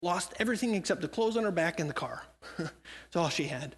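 A man's voice: sits high, animated, a little fast. A man speaking as a missionary at a church, talking conversationally and acting out imagined dialogue. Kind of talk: church talk with acted-out quotes. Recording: long hall reverb.

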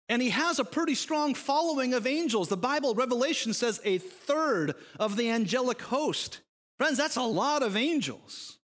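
A man's voice: extremely high pitch, lively intonation, normal speed, a bit bright, big-room sound. A male pastor preaching a sermon, emphatic and full of rhetorical questions.

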